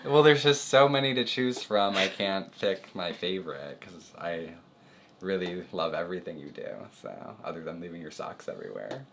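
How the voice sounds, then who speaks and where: Young guy w a really deep voice, laughs a lot, kinda unsure, lots of likes and um. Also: lively intonation, moderate pace, a bit bright, slight background noise. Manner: giggly, hesitant, lots of fillers. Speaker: boyfriend, guest. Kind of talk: casual chat.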